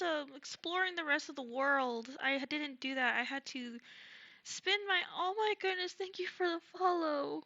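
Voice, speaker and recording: Bright high-voiced excitable woman streamer. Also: moderate pace, dull audio. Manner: excitable and gushing, thanks viewers effusively. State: sick. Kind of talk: casual live gaming stream chat.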